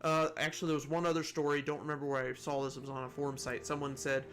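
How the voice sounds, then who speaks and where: A man's voice: mid-range voice, level tone, quick pace, fairly bright tone, soft background music. Rambling man chatting about games. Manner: rambling, many restarts and asides, chuckles at own jokes. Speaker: gaming video host. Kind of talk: rambling casual commentary.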